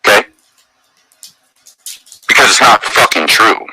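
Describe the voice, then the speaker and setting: A man's voice: fairly low pitch, animated, slow, bright, forceful tone, breathy edge, dry recording, rough recording. A man hosting a livestream, arguing angrily and defensively, swearing often. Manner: angry, profane, defensive ranting. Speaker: livestream host. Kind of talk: heated livestream argument.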